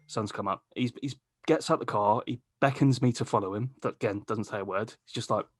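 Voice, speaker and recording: A man's voice: fairly low pitch, a little fast, dry recording, studio quality. A man hosting a podcast, telling a long rambling story in casual chat, swearing freely and laughing mid-sentence. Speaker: podcast host.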